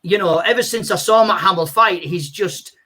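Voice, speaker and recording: A male comedian, a guest on a video call, chatting casually in a rambling, animated way full of "you know". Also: high voice, moderate pace, husky.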